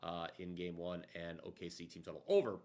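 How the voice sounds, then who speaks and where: A man's voice: low voice, steady tone, brisk, darkish tone. A man hosting a sports betting show, talking casually and upbeat like an announcer.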